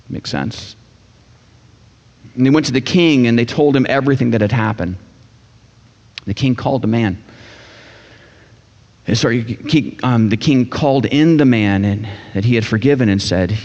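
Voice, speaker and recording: A man preaching a sermon in a casual, animated storytelling manner. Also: mid-range voice, moderate pace, long pauses. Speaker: pastor. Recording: echoey hall, dull sound.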